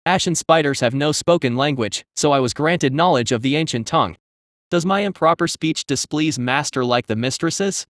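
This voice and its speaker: A man's voice: fairly high pitch, moderate pace, fairly bright tone, dry recording, clean studio sound, close to an everyday voice. A man reading as a pompous servile spider king. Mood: formal. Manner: stiff, pompous formal speech. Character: giant spider king, male, formal and servile.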